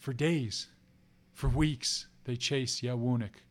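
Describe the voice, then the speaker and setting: A man's voice: medium pitch, fairly even intonation, slow pace. A man telling a legend aloud in a rhythmic way, repeating phrases and place names. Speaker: storyteller. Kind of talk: oral storytelling of a legend.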